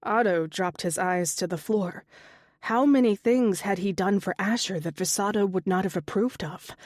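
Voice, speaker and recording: A woman narrates a fantasy audiobook in a steady, even delivery. Her voice sits mid-range and sounds close and dry, with no room around it. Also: mid-range voice, moderate pace, no echo. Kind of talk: scripted narration.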